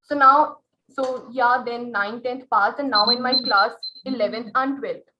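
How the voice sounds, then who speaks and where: A woman's voice: a little high, measured pace, highs cut off, heavy background noise. A girl, giving an earnest open mic speech as a student, full of pointed rhetorical questions and fillers. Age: late teens.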